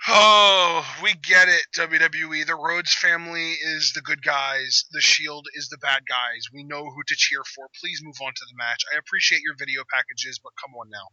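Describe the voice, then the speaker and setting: Dry, teasing young man, bright tone. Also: on the high side, fairly even intonation, moderate pace, hardly any pauses, dry recording, dull audio. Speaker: host. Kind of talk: casual live reaction chat.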